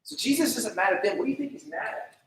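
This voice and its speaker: A man's voice: high-pitched, lively intonation, quick pace, a bit bright. A man giving a casual youth sermon, full of "like", asking the room questions and acting out prayers in little voices. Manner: conversational, lots of "like", acts out prayers in voices. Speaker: youth pastor. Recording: echoey room from far off.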